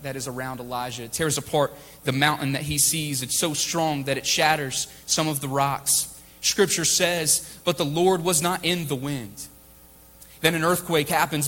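A young adult man preaching a sermon to a church, earnest, swinging from loud emphatic peaks to soft quiet lines. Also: fairly high pitch. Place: church sanctuary. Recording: long reverb of a hall.

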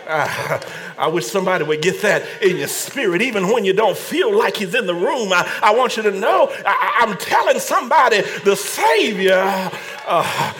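A man's voice: high voice, very animated, moderate pace, fairly bright tone, slight background noise. A man preaching a fervent sermon, stammering repeated words and calling on the congregation to answer back.

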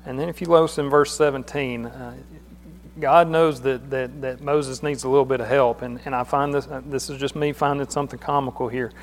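A man's voice: medium pitch, steady tone, brisk, slight background noise. Earnest man preaching in an echoey hall. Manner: conversational, repeats words, earnest. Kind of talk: sermon. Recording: long hall reverb.

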